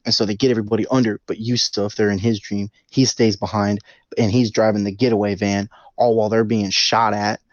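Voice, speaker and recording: A man with a fairly low voice talks through a movie plot in a loose, animated way and throws in his own sound effects. The sound is dull and lo-fi, and the room is dry and close. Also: brisk, dry recording. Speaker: podcast co-host. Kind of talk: casual movie recap.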